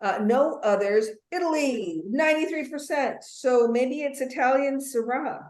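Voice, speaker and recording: A woman's voice: sits high, unhurried. A woman leading a wine tasting webinar as instructor, talking in a chatty way with playful asides and plenty of ums. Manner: chatty, warm asides, many fillers. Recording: roomy echo.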